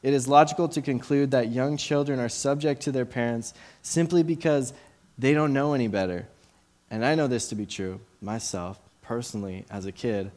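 In informal Bible teaching that includes a personal story, a young man in his late twenties walks through a passage in a relaxed, chatty style, full of ums and likes and restarted sentences. His voice sits squarely in the middle of the male range, at a moderate pace.

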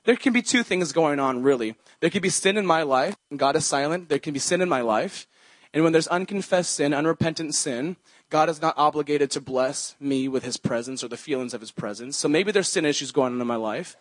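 A man's voice: on the high side, a little fast, no echo. A young man preaching a sermon as a pastor, in an earnest, conversational way, quoting scripture as he goes.

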